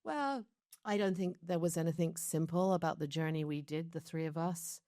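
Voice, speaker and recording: British woman, low voice, dry close sound, reflective storytelling, interview guest. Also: moderate pace, dark tone, dry recording. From London, England. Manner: reflective, chatty, laughs between stories. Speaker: show creator being interviewed.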